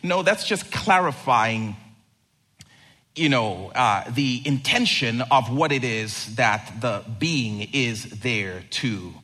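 A man's voice: medium pitch, expressive, slow pace, pushed and bright. A man preaching a sermon at a church service in a conversational style with joking asides. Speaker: pastor.

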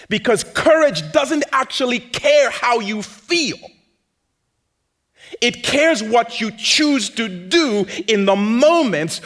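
Male pastor, sermon. High, very expressive voice, unhurried delivery, playful and animated. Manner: animated, playful, mimics panicked voices for laughs.

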